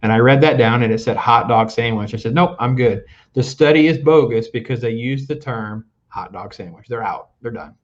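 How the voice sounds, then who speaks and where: A man's voice: mid-range voice, a little fast, hardly any pauses, lo-fi sound. An older man hosting a talk show, ranting about food in a casual, joking way. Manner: opinionated, joking rants. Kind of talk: casual chat.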